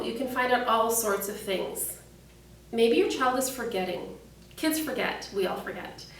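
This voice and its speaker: A woman's voice: a little high, far from the mic. A woman hosting a parenting tips program, talking in an encouraging, friendly way and often asking the listener questions. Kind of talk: scripted parenting tip talk. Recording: echoey room, voice a bit off-mic.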